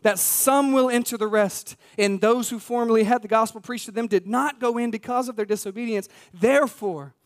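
A man's voice: very high voice, normal speed, few pauses. A man preaching a sermon as pastor, earnest and emphatic, repeating key words and speaking straight to the congregation. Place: church sanctuary.

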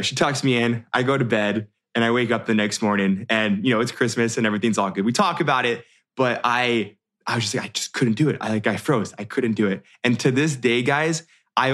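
A man in his thirties from the US tells a childhood story to listeners. He speaks casually and with energy, often restarting his sentences and padding them with "like" and "you know." His pitch sits at an ordinary middle height for a man. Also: a little fast. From United States. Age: 30s. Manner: animated, many restarts and fillers.

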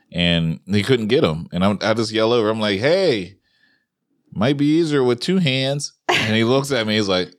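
A man's voice: on the low side, dry recording, clean studio sound. A man in his forties, a parent co-hosting a casual chat, easygoing and chuckling as he tells stories. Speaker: podcast co-host, parent.

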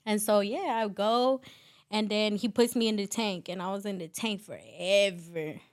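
A woman's voice: medium pitch, fairly even intonation, normal speed. A woman guest on a podcast, chatting casually as she tells a long story full of fillers and swearing.

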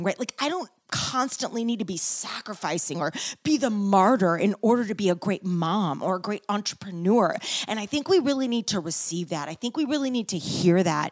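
A woman's voice: medium pitch, breathy edge, no room sound. A woman hosting a podcast and giving a motivational talk, earnest and emphatic. She repeats her points and keeps asking "right?". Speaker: podcast host and keynote speaker.

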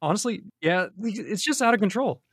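A laid-back man chatting about a game on a podcast call. His voice is a little high and sounds dry and close. He comments wryly, in an easy way. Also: animated, normal speed, a bit bright, husky, dry recording. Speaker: podcast co-host. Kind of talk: casual podcast chat about a video game. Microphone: online call.

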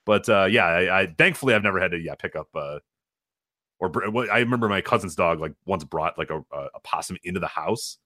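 Male podcast co-host, loose rambling banter, quick, bright tone. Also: low-pitched, no room sound, studio quality. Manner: rambling, swearing, laughing often. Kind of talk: casual chat.

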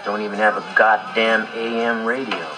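An actor playing a gruff man in a film, grumbling coarsely and sardonically about a shabby old car, with soundtrack music behind him. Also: fairly low pitch, flat delivery, normal speed, lightly acted. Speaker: film character. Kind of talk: film dialogue.

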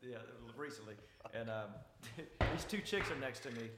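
A man's voice: medium pitch, normal speed, echoey room, a little hiss or hum. A musician telling funny stories in a casual chat, laughing as he goes. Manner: laughs through his stories, animated. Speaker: musician guest. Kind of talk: casual storytelling.

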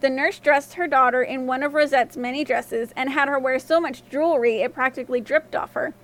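A woman narrating a fairy tale as storyteller of a podcast, reading in an expressive way. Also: high voice.

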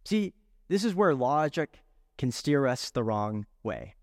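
Male pastor, sermon delivery, fairly high and dry up close with long hall reverb behind. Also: big pitch swings, slow pace. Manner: earnest, rhetorical questions, builds emphasis.

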